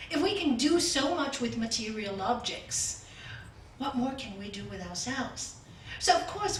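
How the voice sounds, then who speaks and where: A woman's voice: high voice, fairly bright tone, a little hiss or hum. An older woman giving a spiritual talk as a yoga teacher to a group, telling stories, asking rhetorical questions and repeating words for emphasis. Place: hall with a group. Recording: roomy echo, from a distance, faint ambience.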